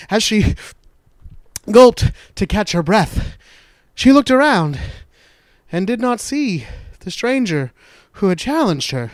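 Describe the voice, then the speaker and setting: Slow, dramatic male horror storyteller. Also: sits high, no room sound, studio quality. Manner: slow, deliberate, dramatic, with hushed dark turns. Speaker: storyteller, podcast host.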